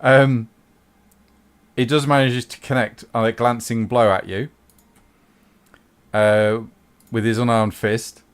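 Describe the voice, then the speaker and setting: A man running a tabletop role-playing game, calmly making rulings and correcting himself. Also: medium pitch, slow, long pauses, smooth. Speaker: game master.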